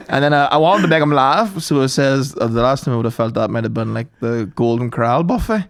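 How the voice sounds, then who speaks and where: A man's voice: medium pitch, expressive, fast, hardly any pauses. A man, hosting a podcast and telling crude, self-mocking comic stories. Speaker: podcast host. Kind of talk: comic storytelling.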